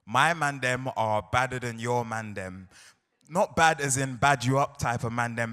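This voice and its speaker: A man's voice: medium pitch, unhurried, pushed and bright. A young man with a South London accent, performing spoken word poetry and bantering playfully with a live crowd. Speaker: poet. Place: large hall on stage with audience. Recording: live hall recording with long reverb.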